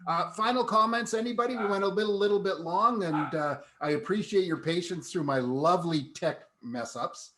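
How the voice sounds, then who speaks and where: A man hosting a panel discussion over video call, speaking in a relaxed, conversational way. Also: high voice, moderate pace, hardly any pauses. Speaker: host.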